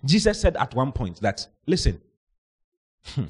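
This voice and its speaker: A male pastor preaching a lively sermon, reading scripture and acting out the people in it, sometimes shouting. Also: mid-range voice, measured pace, breathy edge. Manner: animated, shouting out and acting out Bible characters.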